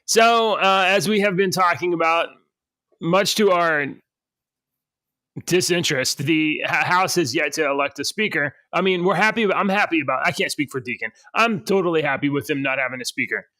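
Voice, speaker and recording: Bright-voiced man chatting about news. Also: on the high side, normal speed, no echo. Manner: joking, rambling with restarts. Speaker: podcast co-host. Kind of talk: casual news chat.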